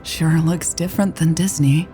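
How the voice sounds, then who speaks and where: A woman voicing a calm, affectionate woman who talks in a low, easy, gently teasing way. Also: normal speed, soft background music, lightly acted. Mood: easygoing.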